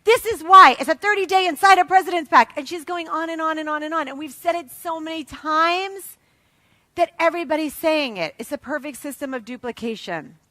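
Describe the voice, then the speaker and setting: A middle-aged woman with an East Coast American accent, giving an emphatic, animated motivational talk to a sales audience. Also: high voice, no room sound. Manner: emphatic, animated, fast and punchy, acts out quotes. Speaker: motivational speaker at a sales event.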